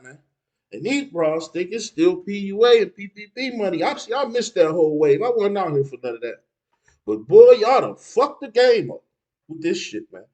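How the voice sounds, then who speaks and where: A man's voice: high-pitched, darkish tone, low-quality recording. A man giving street advice in a casual, preachy monologue, dropping "man" between phrases.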